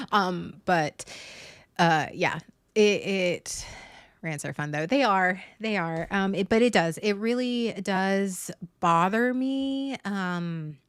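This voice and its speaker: A woman's voice: mid-range voice, slow, pauses often, smooth, no room sound. A woman, a mother hosting a livestream from home. She chats casually and rambles, with many fillers and restarts. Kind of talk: casual rambling chat to viewers.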